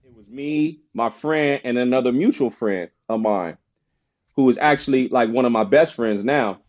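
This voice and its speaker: A man telling a personal story in casual conversation as a podcast guest, animated and slangy, acting out quoted friends. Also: medium pitch, normal speed, lo-fi sound. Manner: casual slang, frequent "bro" and "you know".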